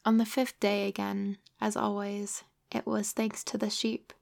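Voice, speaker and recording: A woman narrating a classic children's story in the first person, measured and gentle. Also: mid-range voice, monotone, vocal fry. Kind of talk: storybook reading.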